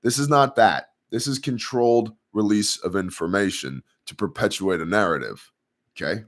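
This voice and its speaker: A man with a low voice hosts a casual news commentary show. He is sarcastic and profane and leans toward conspiracy. He reads listener emails in a loose, offhand way. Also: normal speed.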